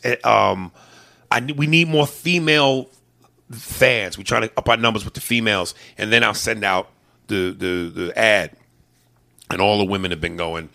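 A man hosting a podcast, talking casually in a gravelly voice. He jokes a lot and swears freely. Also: fairly low pitch, normal speed. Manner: profane, joking, animated. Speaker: podcast host. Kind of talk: crude casual chat.

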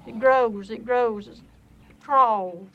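A woman in a documentary interview clip, speaking in halting, wandering sentences that are hard to follow. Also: fairly high pitch, lo-fi sound. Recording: documentary clip with faint background noise.

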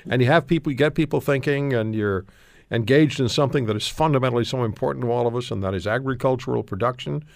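A man hosting a talk radio show, interviewing guests. He talks in an effusive, animated way, often repeating words as he starts a thought. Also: mid-range voice, fast talker, creaky, no echo, studio quality.

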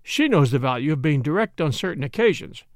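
Gravelly man reading a mystery aloud. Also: fairly high pitch, sing-song, no echo, studio quality. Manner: measured, grave delivery. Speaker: narrator.

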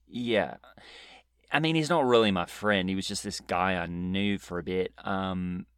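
Man, low-pitched, deadpan improv storyteller, dry close mic. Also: unhurried, smooth, dry recording. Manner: deadpan, rambling, hesitant with many restarts. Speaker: comedy podcast co-host. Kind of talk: improvised character comedy chat.

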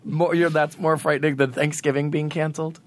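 A man's voice: a little high, level tone, a little fast, no room sound. A man co-hosting a podcast in casual banter, dry and sarcastic, a little off the mic. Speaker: podcast co-host.

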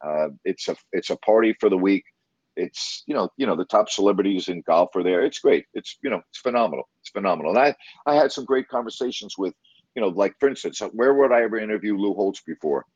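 A low-voiced man tells stories about his interviews in a loose, rambling way, full of enthusiasm and false starts. The sound is dry and slightly muffled, with a lo-fi edge and no room echo. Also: animated, quick pace, darkish tone, husky. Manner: rambling, enthusiastic, many restarts. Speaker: broadcast interviewer. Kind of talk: casual storytelling in conversation.

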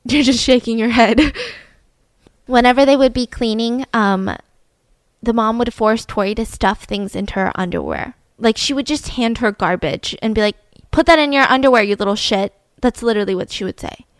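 A woman's voice: a little high, expressive, normal speed, dry recording. A woman host telling a true-crime story in a chatty, conversational way, with asides to her co-host.

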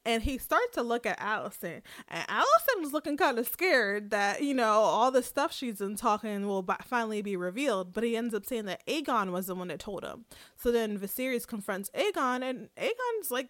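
Woman co-host, casual recap voice, a bit high, dry close mic. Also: moderate pace, dry recording. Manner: chatty, animated retelling with acted quotes. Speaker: podcast co-host.

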